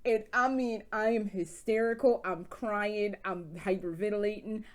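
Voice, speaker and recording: A woman vlogger reviewing games in casual chat, telling stories in an animated, profane way with frequent laughs. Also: mid-range voice, unhurried. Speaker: video game vlogger.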